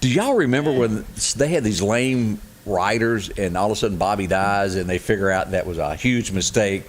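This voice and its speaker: A man's voice: fairly low pitch, moderate pace, a little hiss or hum. A man hosting a casual talk show, folksy and chuckling as he chats. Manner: folksy and chuckling, lively delivery. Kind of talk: casual studio chat.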